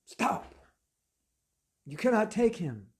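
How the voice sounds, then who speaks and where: A man's voice: a little high, normal speed, darkish tone, lightly acted. A man voicing commanding male divine messengers who speak firmly and forbiddingly. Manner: firm, forbidding.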